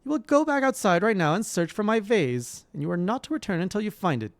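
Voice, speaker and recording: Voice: mid-range voice, big pitch swings, fast talker, no echo, pitched above the performer's own voice. A streamer voicing a haughty, imperious noblewoman who speaks in a cold, commanding way. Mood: scolding. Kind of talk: reading game dialogue aloud.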